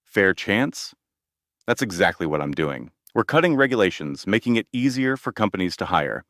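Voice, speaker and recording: A man's voice: low-pitched, big pitch swings, moderate pace, a bit bright, dry recording, clean studio sound, full character voice. A man reading the lines of a blunt, boastful older male president, in a direct manner full of superlatives. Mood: insistent.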